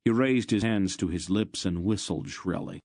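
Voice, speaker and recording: A man reading a fantasy novel aloud as an audiobook narrator, in steady, measured storytelling. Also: low voice, no echo.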